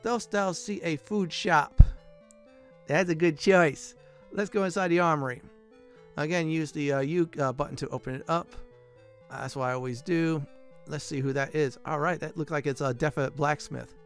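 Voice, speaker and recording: A man's voice: a little high, steady tone, moderate pace, soft background music. Casual man hosting a game playthrough. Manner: casual, rambling, many fillers. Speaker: gaming channel host. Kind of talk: let's play commentary.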